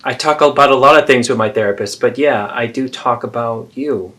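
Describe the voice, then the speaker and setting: Man as an adult daughter, earnest, pleading, persistent, mid-pitched voice, therapy role-play. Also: brisk, fairly bright tone, lightly acted. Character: adult daughter confronting her mother.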